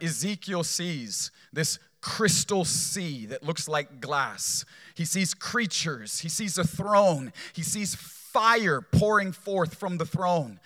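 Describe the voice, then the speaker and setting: Male pastor, sermon delivery, bright and slightly high voice, chatty with repeated phrases. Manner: conversational preaching, frequent "right?" tags, repeats phrases for emphasis.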